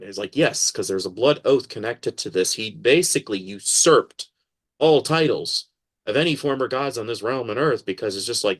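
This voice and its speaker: A man with a fairly low voice, talking as a podcast guest in a loose, casual interview. He is animated and keeps slipping into quoted voices as he explains. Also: normal speed.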